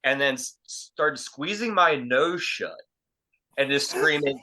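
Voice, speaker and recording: A man's voice: mid-range voice, animated, slow pace, poor audio. A young man casually telling a crude story, rambling and profane, full of fillers. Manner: rambling, profane, filler-heavy, acts out quotes loudly. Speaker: podcast storyteller.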